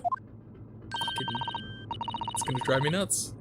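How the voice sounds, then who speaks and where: A woman's voice: low-pitched, wildly swooping pitch, fairly quick, background noise. A woman streamer giving casual let's-play commentary with blunt, swearing asides. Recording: game music behind the voice. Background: game music.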